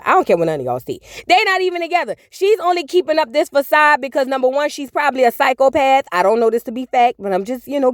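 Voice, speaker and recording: A woman's voice: fairly high pitch, darkish tone, no echo, clean studio sound. A woman giving casual, sassy reaction commentary, telling the story in slang and acting out the people she quotes. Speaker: reality TV recap host.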